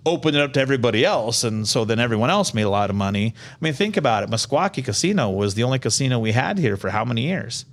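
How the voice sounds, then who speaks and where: A man from Iowa hosting a podcast, talking casually in an animated, rambling, opinionated way. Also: mid-range voice, fast talker, few pauses. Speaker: podcast host. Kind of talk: casual chat.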